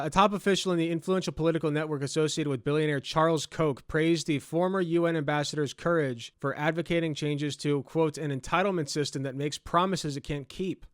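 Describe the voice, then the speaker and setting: A man's voice: fairly high pitch, no echo, studio quality. A man giving sarcastic, profane reaction commentary as a political commentator.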